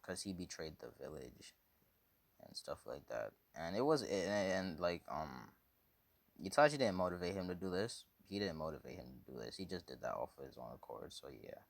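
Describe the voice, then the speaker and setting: A man's voice: low voice, very animated, normal speed, gravelly, no echo. A man casually telling a fan story, rambling and slangy with lots of fillers.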